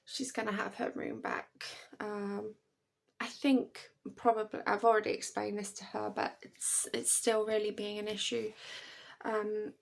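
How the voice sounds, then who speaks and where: A woman's voice: mid-range voice, creaky. A British woman chatting to camera at home in a rambling, chatty way, laughing often. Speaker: vlogger. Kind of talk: casual chat to camera.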